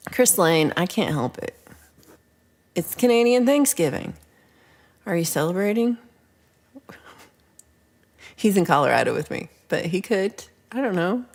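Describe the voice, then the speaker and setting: A lower-voiced woman hosts a relaxed livestream and chats her way through viewer comments. She rambles playfully and keeps slipping into quick whispered asides. The talk is loose and homey. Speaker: livestream host. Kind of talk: casual livestream chat reading viewer comments.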